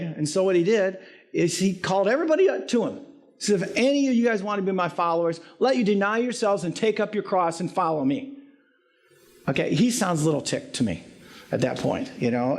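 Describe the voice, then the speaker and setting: A man preaching a conversational sermon with joking, self-deprecating asides and frequent rhetorical questions. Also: sits high.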